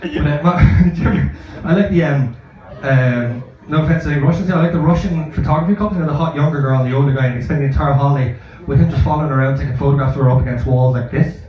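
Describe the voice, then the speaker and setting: Performing stand-up in Barcelona, a man with a slightly high voice talks fast with few pauses, spinning profane, self-mocking, meandering stories. The club recording is echoey and dull.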